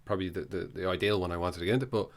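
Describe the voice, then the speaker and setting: A man's voice: low-pitched, racing. A man hosting a casual podcast interview, thinking aloud with restarts and short backchannels. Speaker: podcast host.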